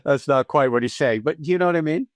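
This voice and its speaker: A man co-hosting a podcast about acting, chatting in an animated way, acting out quotes and often laughing. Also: on the high side, fast, no echo, studio quality. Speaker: podcast co-host and acting teacher. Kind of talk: casual conversational podcast chat.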